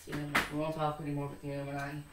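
A young Irish vlogger chats casually from his room, telling rambling, giggly stories in a fairly high, monotone voice at a very fast clip. He's recorded on a laptop mic from a distance in an echoey room, and the audio is very noisy.

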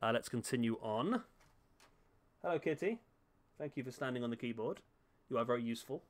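A man's voice: medium pitch, quick pace. A man giving casual, chatty commentary on a football game at home, talking to the players on screen and joking at himself. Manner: chatty, self-mocking, talks to the players on screen. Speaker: gaming YouTuber. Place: home room.

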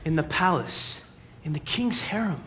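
An actor playing Mordecai, the caring older cousin and guardian, speaking and singing firmly but gently in a musical play. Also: male voice, on the high side, expressive, measured pace. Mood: tender. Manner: gentle, firm, consoling. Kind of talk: musical theatre, spoken and sung. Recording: loud music underneath.

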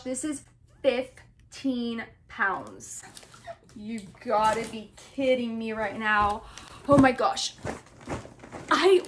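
Gushing young woman, high voice. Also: fairly bright tone, slight background noise. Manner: gushing, breathless, keeps repeating "oh my gosh". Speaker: vlogger opening fan mail. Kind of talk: excited casual vlog.

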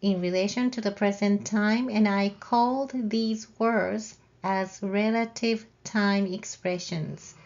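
A woman teaching a language lesson, explaining grammar patiently and saying example sentences out loud. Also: mid-range voice, steady tone, slow, few pauses, dull audio. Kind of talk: slow, careful lesson explanation.

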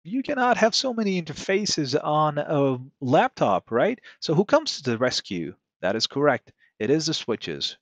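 A man's voice: fairly high pitch, big pitch swings, moderate pace, few pauses, dry recording. A man teaching a networking lesson in a conversational way, often asking rhetorical questions. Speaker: networking instructor. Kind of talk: screen-recorded tech lesson.

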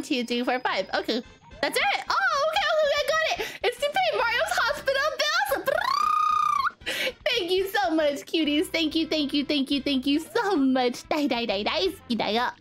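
A young woman streaming a video game live, chatting with viewers and thanking them, and shrieking when something goes wrong in the game. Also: extremely high pitch. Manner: bubbly, shrieks at danger, thanks chat. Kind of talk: live gaming commentary. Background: game music.

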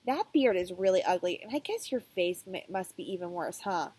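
Rude little girl in a read-aloud; woman reader doing the voice, curt snippy lines, husky tone. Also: lowish voice, lively intonation, normal speed. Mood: rude, grumbling. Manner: sharp, snippy retorts. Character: rude, insulting schoolgirl who says opposites.

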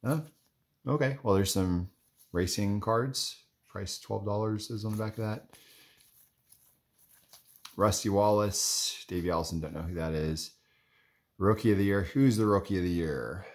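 Low-voiced chatty man sorting cards. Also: measured pace, pauses often, darkish tone. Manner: rambling and chatty, lots of "like" and "anyways". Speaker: card collector vlogger. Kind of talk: casual running commentary while flipping through cards.

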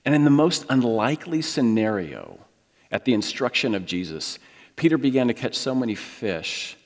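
A middle-aged American man preaching a sermon, storytelling and acting out the voices he quotes. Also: fairly low pitch. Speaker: pastor. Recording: long hall reverb.

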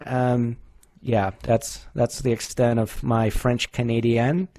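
A man's voice: mid-range voice, little pitch movement, slow pace, few pauses, warm tone, no room sound. A man from New Hampshire, a guest race director on a casual podcast, talking in a blunt, joking way and swearing freely. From New Hampshire, USA.

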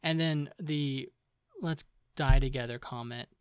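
A man's voice: mid-range voice, fairly even intonation, a little slow, smooth, dry recording, clean studio sound. A young man co-hosting a casual podcast chat, talking loosely with many fillers as he retells scenes. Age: young adult. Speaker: podcast co-host.

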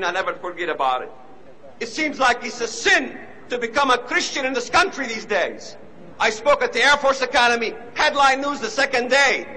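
A man giving an impassioned speech, emphatic and repetitive, now and then rising to shouts. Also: very high voice, low-quality recording. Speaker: speaker.

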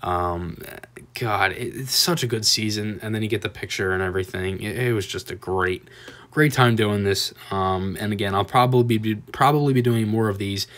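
A young man casually narrating a voiceover over his own video game clips, rambling and excitable with lots of fillers and restarts. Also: fairly low pitch, normal speed. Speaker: gaming video creator.

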